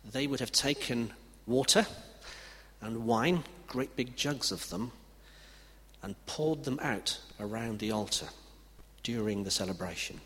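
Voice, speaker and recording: A man preaching a sermon with emphatic delivery. He swings from loud declarations to hushed passages. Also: mid-range voice. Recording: reverberant hall with faint background noise.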